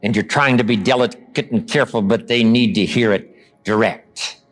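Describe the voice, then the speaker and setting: A man giving a motivational seminar lecture. He tells stories, acts out quoted lines, and slows down and drops low for emphasis. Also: fairly even intonation. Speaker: motivational speaker.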